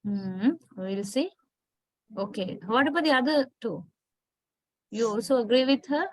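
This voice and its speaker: A woman lecturer with a Sri Lankan English accent, speaking in a fairly high voice over a video call. She explains patiently, stopping to check with her class. The sound is dry and close. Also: a little slow, no echo, low-quality recording. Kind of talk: online class teaching.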